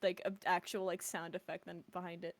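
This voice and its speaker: A young adult woman in a casual gaming chat, excitable and rambling, swearing freely. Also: lowish voice, a little fast.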